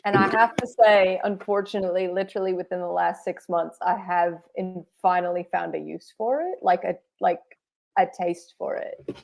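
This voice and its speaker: Gravelly low Australian woman, wry. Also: fairly even intonation, darkish tone. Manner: wry, drawn-out musing with fillers. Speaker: guest. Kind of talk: casual interview chat.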